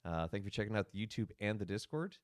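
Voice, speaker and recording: A man's voice: fairly low pitch, animated, fast, no echo, studio quality. A priest hosting a game livestream, chatting casually with his viewers and laughing often. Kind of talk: casual livestream gaming commentary.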